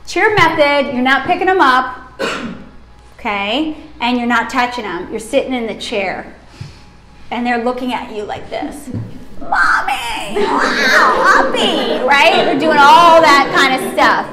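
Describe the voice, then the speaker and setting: A woman's voice: high voice, a little slow, reverberant, noisy background. A woman sleep consultant teaching a workshop, chatty and emphatic, acting out babies and parents as she explains.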